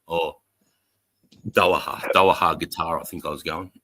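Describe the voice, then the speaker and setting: An Australian man, a podcast host, telling a profane, animated story in a casual chat, acting out the voices of the people in it. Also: low voice, measured pace, rough recording.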